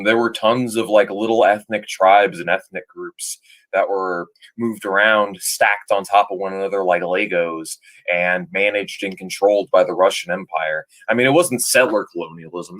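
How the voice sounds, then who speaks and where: A man's voice: sits low, moderate pace, a bit bright. A man giving casual reaction commentary to a video, rambling and sometimes losing his train of thought.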